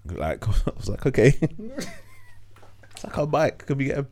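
A man's voice: mid-range voice, very animated, moderate pace, warm tone. A young man, co-hosting a podcast and telling stories in a laid-back, joking way. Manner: laid-back, storytelling banter. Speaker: podcast co-host. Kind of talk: casual chat.

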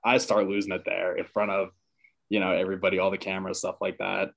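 A man's voice: deep voice, completely flat delivery, fast talker, gravelly, fairly bright tone. A man guesting on a podcast, casually telling a personal story and acting out his parents' lines. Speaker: podcast guest, former college football player.

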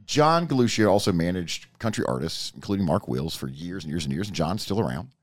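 A man's voice: low-pitched, very animated, a little fast. A man hosting a casual radio talk show, telling stories and bantering playfully. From American South.

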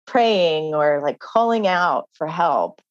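A woman's voice: sits low, lively intonation, slow pace, dry recording, lo-fi sound. A woman author, a guest in an interview, telling her story earnestly with many "like" fillers. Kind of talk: interview conversation.

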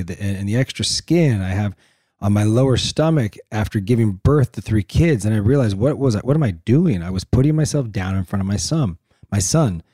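Low, mellow man in blunt chat. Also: no echo, studio quality. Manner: blunt, pushes his point, talks over her. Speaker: podcast co-host. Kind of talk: casual chat.

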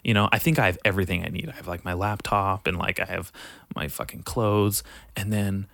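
A man's voice: low voice, steady tone, a little fast, gravelly, a bit bright, no echo, studio quality. A young man talking casually, telling a rambling, profane story with lots of fillers. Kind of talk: casual chat.

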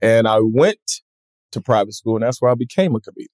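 A man being interviewed, telling stories in a relaxed, lively way and acting out other people's voices. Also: mid-range voice, fast, dry recording, studio quality. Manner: animated, acts out voices in his stories. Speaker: comedian guest. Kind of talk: casual interview storytelling.

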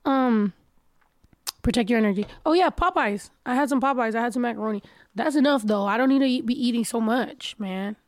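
A woman's voice: on the high side, a little fast, dry recording, clean studio sound. A casual woman with a stuffy nose, chatting bluntly and often profanely while reading viewer comments. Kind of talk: casual chat.

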